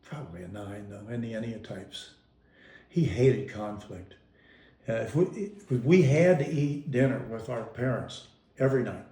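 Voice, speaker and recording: A man's voice: medium pitch, normal speed, warm tone. A man being interviewed, casually reminiscing about his family as an amused storyteller who often stops and restarts his sentences. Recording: roomy echo.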